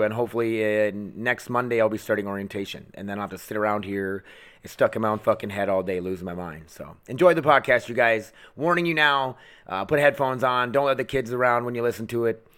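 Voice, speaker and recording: Broadcasting from home, this American podcast host has a mid-range voice with a fairly bright, clear, resonant tone and talks fairly quickly. His monologue is an angry rant, profane and blunt, as he goes off on tangents of fury.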